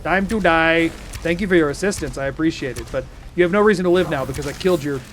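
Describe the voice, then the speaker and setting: A man's voice: a little high, fast talker, slight background noise. A man giving playful, joking commentary as he streams a game and chats with his viewers. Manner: playful, jokey, talks to chat. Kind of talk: casual gameplay commentary.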